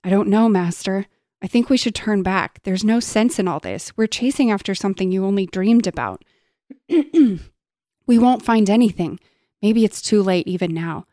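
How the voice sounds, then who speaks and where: A woman reading aloud as a small loyal horse, speaking softly and heavily in despair. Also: medium pitch, normal speed, dry recording, clean studio sound, lightly acted. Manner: soft, heavy, despairing reading.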